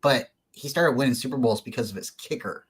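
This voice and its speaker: A man at an ordinary middle pitch chats as a guest, telling long earnest stories. He rambles, leans on fillers and often restarts his sentences in an easygoing, casual way. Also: fairly quick, husky, poor audio. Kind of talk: casual storytelling interview.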